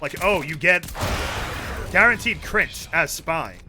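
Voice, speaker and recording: Lively, high-voiced swearing streamer guy. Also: slow, noisy background. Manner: animated, swears a lot, rambling storytelling. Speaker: game streamer. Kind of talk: casual live-stream chat while gaming.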